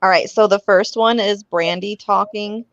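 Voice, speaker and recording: A woman's voice: medium pitch, steady tone, normal speed, no echo, dull audio. A woman on a livestream call, explaining things step by step. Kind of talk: casual chat.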